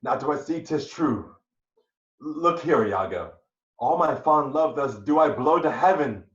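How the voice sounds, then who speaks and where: A passionate, vengeful general, played by a man in an amateur Shakespeare reading. His voice swings from hushed brooding to roaring outbursts. It sounds echoey and muffled, like a room recorded on a lo-fi mic. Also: on the high side, animated, measured pace. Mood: jealous rage. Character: jealous male general Othello, passionate and vengeful.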